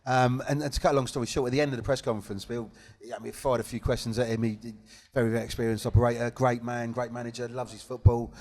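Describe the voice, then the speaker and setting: A man's voice: medium pitch, level tone, fast talker, hardly any pauses, a little mellow. A man chatting on a football fan podcast, agreeing often and retelling stories with put-on voices. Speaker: podcast panelist. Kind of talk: casual chat.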